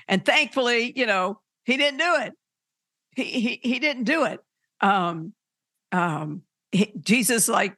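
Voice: medium pitch, moderate pace, no echo. Earnest podcast preacher, dry sound. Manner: earnest, animated, many fillers and restarts. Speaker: faith podcast host. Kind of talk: informal preaching.

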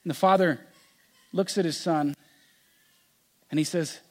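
High-voiced impassioned male preacher. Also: fairly even intonation, a little slow. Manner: impassioned, acts out the story's voices; drops to a hushed, quiet delivery. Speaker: pastor. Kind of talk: sermon.

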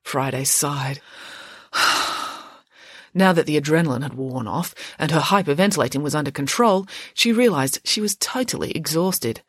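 Une conteuse expressive à la voix animée. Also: female voice, low-pitched, brisk, few pauses, no room sound, clean studio sound. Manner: expressive, animated reading. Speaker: storyteller. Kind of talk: children's story narration.

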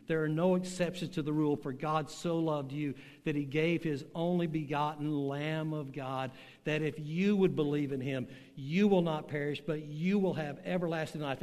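A man's voice: a little high, steady tone, darkish tone. Older male pastor preaching in a reverberant hall. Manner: slow, emphatic storytelling with dramatic pauses. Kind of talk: sermon. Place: church hall with online audience.

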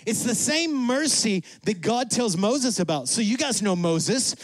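A man preaching with a high voice and lots of energy. He acts out God and Moses in quick asides. The sound is dry and close. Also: lively intonation, no echo. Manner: drops to a soft, low voice for emphasis. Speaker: pastor. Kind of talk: sermon.

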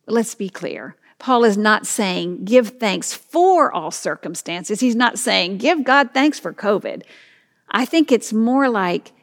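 A woman pastor preaching with earnest, reflective care. Her mid-pitched voice has a gravelly fry, and she lets her phrases fall away quietly at the ends. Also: lively intonation, slow pace, big-room sound. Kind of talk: sermon.

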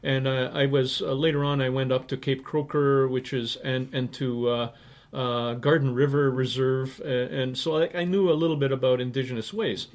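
A man's voice: medium pitch, steady tone, moderate pace. A man in his sixties from Canada, an interview guest telling long anecdotes in a rambling, casual way, with many fillers and laughter at his own stories. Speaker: interview guest, writer and publisher.

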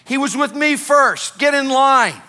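A man voicing an impatient, indignant father complaining loudly about someone cutting in line. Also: very high-pitched, animated, measured pace, voice pushed up, full character voice. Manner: huffy, loud protest.

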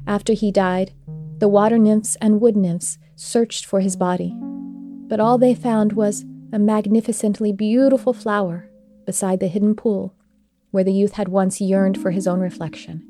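A woman host narrating an old myth in a gentle, measured storytelling style. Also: medium pitch, fairly even intonation, soft background music.

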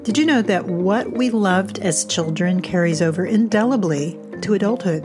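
A woman's voice: mid-range voice, normal speed, over music. A woman from the United States hosting a podcast, telling a scripted humorous story in a wry, self-mocking way. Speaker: podcast host.

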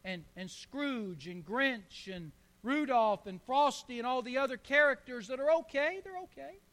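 A man's voice: extremely high pitch, animated, moderate pace, a bit bright, long reverb tail. A man preaching a fervent sermon in church, calling on the congregation to answer back. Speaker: pastor.

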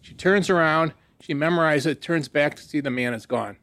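A man reeling off jokes in a deadpan way during a casual chat. His voice sits a little high. The sound is close and dry. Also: normal speed, no echo. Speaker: joke teller on a podcast.

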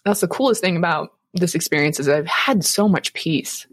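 A woman's voice: lowish voice, moderate pace, slightly rough. A young woman co-hosting a casual faith podcast, rambling with many fillers and frequent laughs. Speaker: podcast co-host.

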